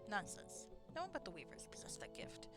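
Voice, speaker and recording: A woman's voice: medium pitch, wildly swooping pitch, brisk, music in the background. A woman voicing a stern, haughty palace gatekeeper who speaks curtly and dismissively. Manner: curt, dismissive.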